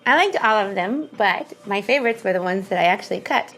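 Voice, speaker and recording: A comedian in her thirties with a central Pennsylvania twang, giving dry, deadpan one-liners in a quick-fire interview. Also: mid-range voice, faint music behind, poor audio.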